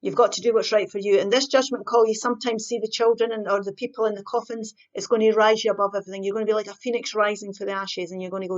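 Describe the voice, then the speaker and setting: A woman's voice: mid-range voice, steady tone, fast talker, few pauses, dull audio. A woman hosting a casual tarot card reading, chatting and thinking aloud as she pulls the cards. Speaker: tarot reader.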